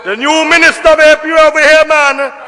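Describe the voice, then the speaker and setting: High-pitched, fiery man in parliament. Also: flat delivery, fast talker. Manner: emphatic, repetitive oratory, rising to shouts. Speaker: member of parliament. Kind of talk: parliamentary budget debate speech. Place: parliament chamber. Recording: long reverb of a debating chamber.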